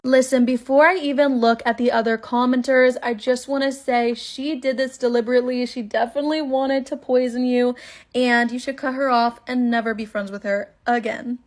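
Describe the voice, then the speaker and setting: A woman reading an online story aloud, brisk and matter-of-fact, adding blunt opinions of her own. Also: a little high, fairly even intonation. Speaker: storytime narrator.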